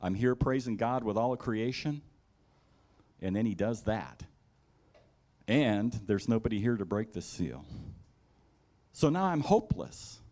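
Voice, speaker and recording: Man preaching with animated storytelling. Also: on the low side, a little slow, pauses often. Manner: animated storytelling, acting out scenes in the first person; conversational, with asides like "right?". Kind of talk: sermon.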